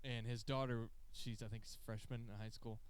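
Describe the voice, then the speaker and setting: A man co-hosting a podcast, chatting casually and retelling stories in a rambling, animated, profane way. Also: medium pitch, moderate pace, clean tone. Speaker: podcast co-host. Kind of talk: casual chat, excited storytelling. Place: podcast studio.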